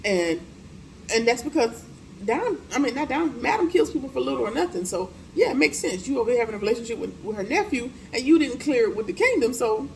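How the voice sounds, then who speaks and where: A woman's voice: a little high, big pitch swings, fast talker, gravelly, rough recording. A woman giving a casual, slangy recap of a TV episode, blunt and chatty with frequent profanity and asides. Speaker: TV episode reviewer.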